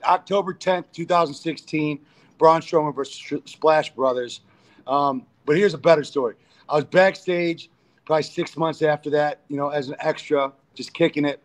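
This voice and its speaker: A male pro wrestler, guesting in a casual interview, tells crude, profane backstage stories as an animated storyteller. His voice runs on the high side at a normal speed.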